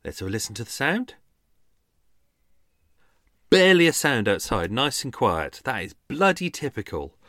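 A man's voice: mid-range voice, big pitch swings, normal speed, long pauses, a bit bright, no room sound, clean studio sound. A man hosting a podcast, chatting in a rambling, self-mocking unscripted monologue at home. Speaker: podcast host. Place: home, walking off from the mic to make tea.

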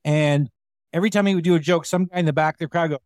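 A man hosting a podcast, telling comedy-club stories in a casual, animated way and acting out the voices of the people he quotes. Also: fairly high pitch, very fast, no echo, clean studio sound. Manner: animated, acts out quotes in a raised voice. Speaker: podcast host. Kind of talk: casual storytelling chat.

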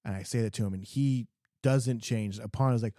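A man from the Midwest co-hosting a podcast, telling a customer story in an animated way and acting out the voices. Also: mid-range voice, fairly quick, no room sound, studio quality. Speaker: podcast co-host; garden center worker. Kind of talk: casual storytelling chat.

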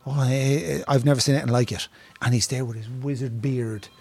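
An Irishman co-hosting a casual podcast chat, telling a story in an excitable, rambling way with plenty of swearing. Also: mid-range voice, fairly quick, creaky, husky, dry recording. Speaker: podcast co-host. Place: pub.

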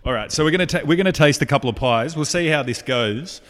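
A man's voice: a little high, lively intonation, fast talker, fairly bright tone. An Australian man hosting a podcast, chatting in a laid-back, slangy way while interviewing a guest. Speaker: podcast host. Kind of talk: casual interview chat. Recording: reverberant room.

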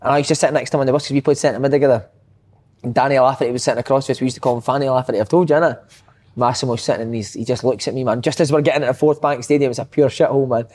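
A Scottish former footballer in casual chat, telling animated stories and laughing often. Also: male voice, medium pitch, very fast.

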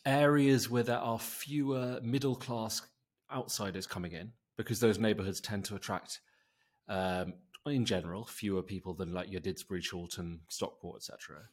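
A man from the south of England co-hosting a podcast, thinking aloud with hesitant pauses. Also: fairly low pitch. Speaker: podcast co-host. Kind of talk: casual chat.

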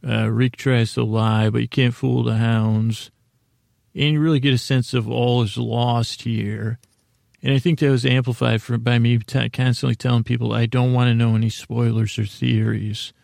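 Man with a very gravelly voice. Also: medium pitch, level tone, normal speed, a little mellow, no echo, clean studio sound. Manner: rambling, self-interrupting, reading from notes. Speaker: podcast host. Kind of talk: casual episode recap.

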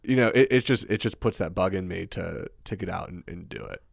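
A man's voice: low-pitched, fairly quick, gravelly, dry recording, clean studio sound. Earnest man giving motivational business talk. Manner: earnest and motivational, with many "you know"s. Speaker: guest, business owner. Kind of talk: casual conversation.

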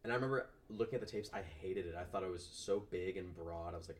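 A young man from Georgia, an actor guest, telling an animated story with many likes and asides. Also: low voice, fast, recorded from a distance. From Georgia, USA. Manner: animated, chatty, lots of "like". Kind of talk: casual storytelling.

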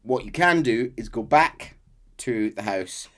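A man co-hosting a podcast, casually retelling a game's story and slipping into quick character voices. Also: medium pitch, lively intonation, fairly bright tone. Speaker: podcast co-host.

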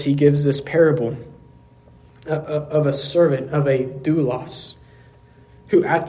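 A man pastor preaching a sermon in a church service, earnest, asking rhetorical questions and dropping to quiet emphasis. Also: mid-range voice.

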